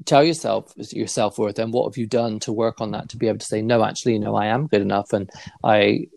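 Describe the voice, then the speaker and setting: A man's voice: lowish voice, steady tone, fast, creaky, darkish tone, dry recording. A man hosting a podcast interview, encouraging and affirming as he chats with his guest. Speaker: podcast host. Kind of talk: conversational interview.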